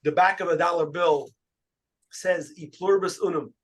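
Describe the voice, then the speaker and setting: A man, a rabbi, giving an animated sermon with stories, often repeating words as he goes. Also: a little high, moderate pace.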